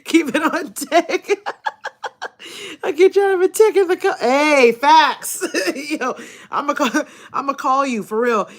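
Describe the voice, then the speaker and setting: A woman's voice: high voice, unhurried. A woman live streaming who chats casually with her audience, swears freely and laughs often. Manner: laughs often, profane and animated.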